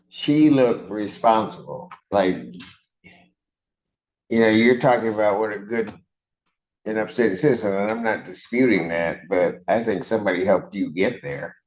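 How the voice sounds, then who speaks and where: A male judge speaking in a somewhat low voice, blunt and teasing in a casual, conversational way. The courtroom audio is dull and lo-fi. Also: unhurried. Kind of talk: courtroom hearing.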